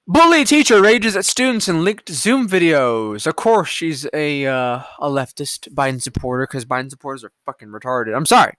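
A man hosting a solo podcast, reading headlines aloud and ranting about them in a profane, combative way, swinging between loud outbursts and low muttering. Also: expressive, moderate pace, few pauses, no echo, clean studio sound. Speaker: podcast host.

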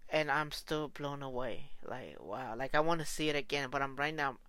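A woman talking in a casual reaction vlog, excitable and gushing, with slangy phrasing and frequent restarts. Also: extremely low pitch, moderate pace, smooth, no room sound. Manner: slangy, informal.

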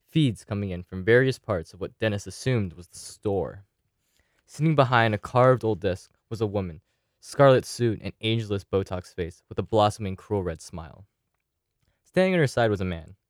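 A man's voice: fairly low pitch, normal speed, dry recording, clean studio sound. A man casually reading a collaborative story aloud, now and then laughing and loosely voicing characters.

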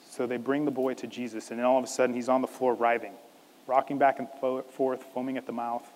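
A man preaching a sermon as a pastor, animated, acting out a scripture scene in different voices. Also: mid-range voice, in a large hall.

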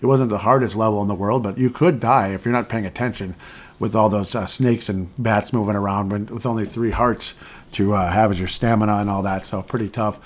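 A man's voice: fairly low pitch, steady tone, a little fast. A man giving casual, rambling commentary over a video game, joking at his own expense as he plays. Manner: rambling and self-deprecating, with frequent laughs and asides. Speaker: gameplay commentator. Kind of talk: casual let's-play commentary.

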